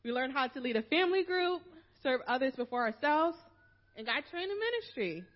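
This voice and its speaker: A woman's voice: sits high, very animated, a little fast, muffled recording. Emotional woman giving a church farewell. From Philadelphia. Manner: emotional, holding back tears, laughing nervously. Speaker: minister's wife giving a farewell talk. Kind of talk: reading a prepared farewell speech to a church.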